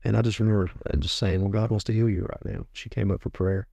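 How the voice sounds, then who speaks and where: A man's voice: on the low side, fairly even intonation, fast, vocal fry, warm tone, dry recording. A man in his forties, a guest minister, telling a testimony story and often repeating his words as he retells what he said. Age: 40s.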